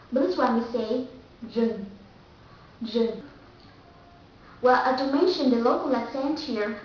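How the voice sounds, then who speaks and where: A woman's voice: high voice, a little hiss or hum. A woman from Vietnam with a Vietnamese accent, teaching English pronunciation and carefully repeating example words. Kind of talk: pronunciation lesson. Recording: echoey, distant, dull mic.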